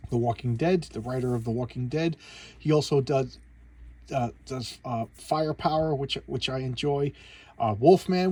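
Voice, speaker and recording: A man casually reviewing a comic book, rambling with many halting restarts and fillers, chuckling as he retells scenes. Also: on the high side, warm tone, slightly rough.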